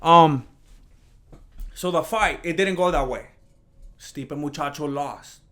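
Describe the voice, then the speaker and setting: A man talking on a solo podcast in a casual, rambling way. His voice sits a little higher than most men's, and he jumps up into higher, mocking tones when he imitates critics. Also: slow. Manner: rambling, animated, mocks imagined critics in a higher voice. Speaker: podcast host.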